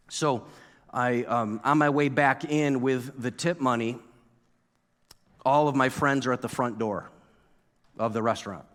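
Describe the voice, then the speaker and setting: A pastor from New York giving a sermon, telling a story and acting out his own past outburst with lively energy. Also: mid-range voice, normal speed. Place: church sanctuary. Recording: long reverb of a church hall.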